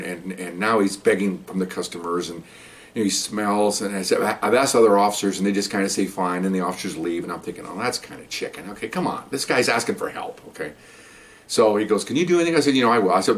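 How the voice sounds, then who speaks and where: An older man, a retired police officer, telling a story in a rambling, folksy way, with many asides and "okay?" tags. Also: on the low side. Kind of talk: casual storytelling.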